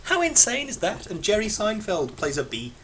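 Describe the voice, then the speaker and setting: Male co-host, very expressive pitch, dry musing asides. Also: moderate pace, background noise. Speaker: podcast co-host. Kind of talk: casual chat.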